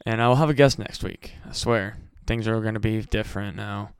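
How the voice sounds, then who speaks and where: A man's voice: on the low side, a little fast, clean tone, dry recording. A tired man from the Midwest rambling casually and profanely as a solo podcast host. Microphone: home podcast mic.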